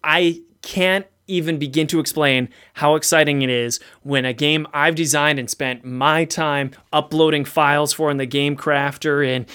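A man's voice: on the high side, fairly even intonation, normal speed, few pauses, pushed and bright, smooth. A man hosting a podcast in casual, sarcastic chat, teasing his co-host.

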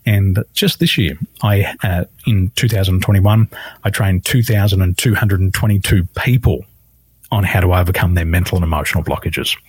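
A man speaks at a normal pace in a husky, fairly low, darkish voice, with pitch swinging widely as he shares a story. He's a life coach guest in a podcast interview and performs the voices of people he quotes. The recording is close and dry.

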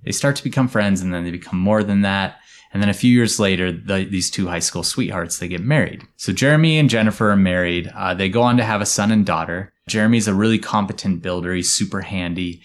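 A man with a very low voice tells a story to his co-hosts in an easygoing podcast chat. His delivery is relaxed and explanatory, and it sinks into quiet asides. The sound is a casual studio conversation. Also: fairly quick. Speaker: storyteller host.

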